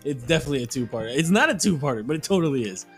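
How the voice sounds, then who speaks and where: A man's voice: medium pitch, expressive, very fast, a bit bright, soft background music. A man hosting a casual podcast, joking and swearing with friends. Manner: swearing, joking, laughing often. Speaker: podcast host.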